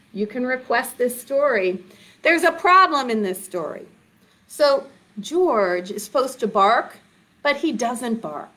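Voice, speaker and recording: A woman librarian leads a children's storytime in a high, bouncing, sing-song voice. She speaks slowly and clearly, drawing the little ones in with questions. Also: a bit bright.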